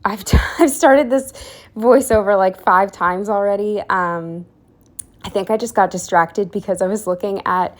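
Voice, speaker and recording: A woman's voice: mid-range voice, normal speed. A young woman narrating a planner video in a casual, rambling way, with fillers, restarts and self-deprecating asides, a bit out of breath. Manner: drops to a whisper for asides. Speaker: planner vlogger. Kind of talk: casual voiceover.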